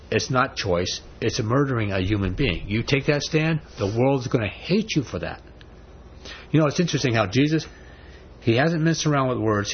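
A man's voice: medium pitch, slight background noise. Emphatic male preacher, lo-fi recording. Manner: emphatic, rhetorical questions, rising emphasis. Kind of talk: sermon.

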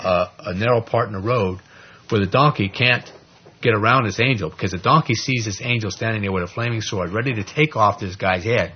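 A man teaching an informal Bible study, conversational and animated, checking in with listeners through asides as he explains scripture. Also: on the low side, slightly rough, dull audio. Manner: conversational and animated, with frequent "you know" and "okay?" asides.

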